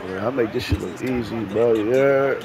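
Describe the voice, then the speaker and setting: A man trash-talking loudly and profanely at his opponent while playing a video game, laughing often. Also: medium pitch, normal speed, crowd noise. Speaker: gamer.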